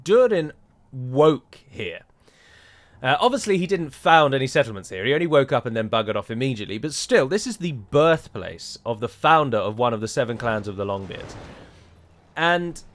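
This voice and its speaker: Guy rambling through a strategy game, wry and chatty, medium pitch. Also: slight background noise. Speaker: game modder playing a strategy game. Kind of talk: gameplay commentary.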